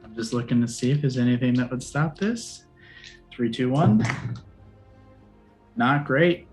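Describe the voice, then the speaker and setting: A man's voice: mid-range voice, animated, unhurried, faint music behind. Joking man running a tabletop game. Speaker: game master.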